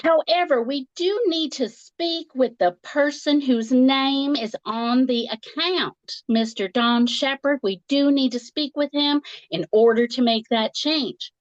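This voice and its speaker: A woman voicing a cheerful female phone company representative with a Southern US accent who repeats her script slowly. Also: sits high, no echo, muffled recording, voice pushed up. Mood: chipper. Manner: very happy, repeating a script, slow.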